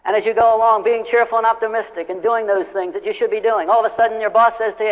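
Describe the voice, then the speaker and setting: A man's voice: high voice, steady tone, quick pace, few pauses. A man giving a live motivational speech, telling stories and acting out the people in them. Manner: storytelling, acting out quoted customers and friends. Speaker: motivational speaker. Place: large hall with a live audience. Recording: old lo-fi record of a speech in a reverberant hall.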